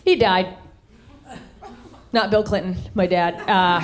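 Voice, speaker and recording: A woman performing a high-energy stand-up comedy set on stage, acting out voices and shouting her punchlines. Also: steady tone, takes it slowly, long pauses. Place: comedy stage in front of a live audience. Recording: live stage recording with crowd. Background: audience laughter.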